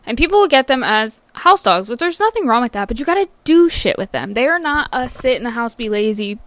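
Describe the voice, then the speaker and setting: A woman's voice: fairly high pitch, big pitch swings, brisk, a bit bright, no room sound. A woman hosting a podcast, telling work stories in a casual, profane ranting style. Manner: swears freely, ranting. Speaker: podcast host. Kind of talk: casual storytelling rant. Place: vet clinic worker telling work stories.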